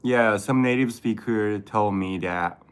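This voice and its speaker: Male host, unhurried halting delivery, everyday conversational tone. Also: lowish voice, clear, resonant tone. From Japan. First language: Japanese. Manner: halting, searching for words, frequent restarts. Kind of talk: casual conversation in English.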